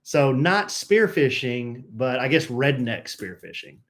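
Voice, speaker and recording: A man's voice: mid-range voice, big pitch swings, slow pace, a bit bright. Joking male live-stream host. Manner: jokey, rambling, greets people by name. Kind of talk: casual chat greeting viewers.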